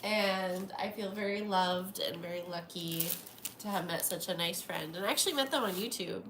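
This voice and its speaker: A woman's voice: lowish voice, normal speed, fairly bright tone, reverberant. A young woman live-streaming a casual unboxing from home, gasping and gushing with delight as she talks to her viewers. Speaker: livestreamer. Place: home at night. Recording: noisy home stream audio.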